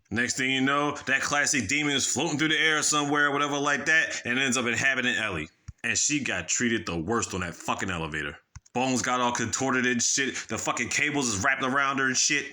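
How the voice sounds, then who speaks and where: A man's voice: mid-range voice, a little fast, bright, forceful tone. A man casually retelling a horror movie plot, profane and rambling, acting out the characters' reactions. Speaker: movie reviewer. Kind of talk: casual spoiler recap.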